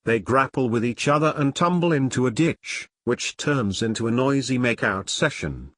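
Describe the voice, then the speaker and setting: A man narrating a crude comic story in a wry, deadpan way. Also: mid-range voice, moderate pace, no room sound.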